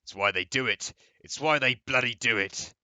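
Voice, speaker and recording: A man's voice: medium pitch, moderate pace, bright, forceful tone, no room sound. A man playing a pompous, indignant middle-aged father who scolds and rants.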